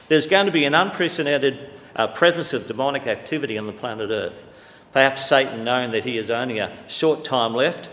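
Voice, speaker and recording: A man preaching a sermon with great passion, swinging from loud declarations to hushed, quiet stretches. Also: mid-range voice. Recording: echoey hall with long reverb.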